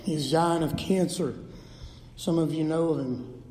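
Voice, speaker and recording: Fervent high-voiced preacher in a hall. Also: male voice, a little slow, mellow, slight background noise. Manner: fervent, emphatic, repetitive preaching. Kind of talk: sermon. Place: church sanctuary. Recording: long reverb of a large hall.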